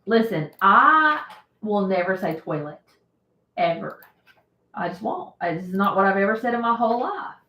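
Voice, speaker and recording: A woman's voice: medium pitch, sing-song, moderate pace, muffled recording. A woman hosting a casual live stream, chatting and laughing often as she answers viewer comments. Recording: roomy echo.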